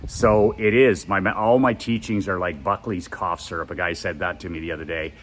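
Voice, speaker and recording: A man's voice: low voice, fairly even intonation, fairly quick. A man hosting a walk-and-talk video outdoors, pushing his products in an emphatic, repetitive motivational style. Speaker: host. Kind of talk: walk-and-talk sales pitch. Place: outdoors at home, walking. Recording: outdoor noise with passing traffic.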